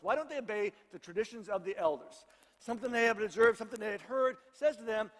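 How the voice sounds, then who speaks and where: A man's voice: high-pitched, expressive, quick pace, in a large hall. A middle-aged male pastor giving a conversational sermon, joking with his congregation. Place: church sanctuary.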